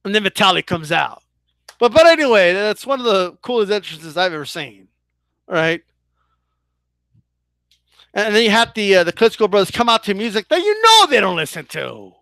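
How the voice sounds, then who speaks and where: A man's voice: high-pitched, sing-song, moderate pace, long pauses, sharp tone, no room sound. A man ranting in a casual vlog as a boxing commentator, swearing freely, stumbling into restarts and keeps asking his viewers "right?". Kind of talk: casual opinion rant.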